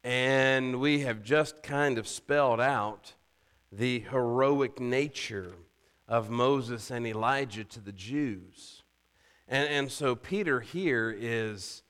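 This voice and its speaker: Male preacher, sermon delivery, slow and deliberate, crisp resonant tone, conversational and animated. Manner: animated, rising loud and high when quoting scripture; conversational asides, rhetorical questions.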